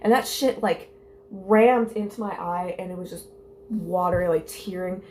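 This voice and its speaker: A woman's voice: on the low side, normal speed, darkish tone, slight background noise. Candid young woman rambling through a story. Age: young adult. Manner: rambling, full of "like" fillers; candid and self-mocking. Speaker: vlogger. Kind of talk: casual storytelling, reading her old journal aloud.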